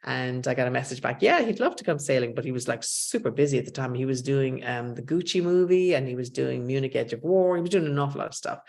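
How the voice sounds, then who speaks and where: Woman with a gravelly voice. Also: rumbling low. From Ireland. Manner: animated storyteller, quotes others in dialogue. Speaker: guest author. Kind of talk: casual interview chat.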